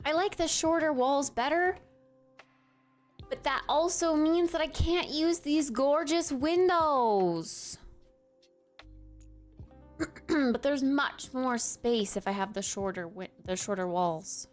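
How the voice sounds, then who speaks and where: A woman's voice: high voice, slow pace, long pauses, soft background music. A young adult woman livestreamer in casual live-stream chat, talking straight to her viewers and cheering them on.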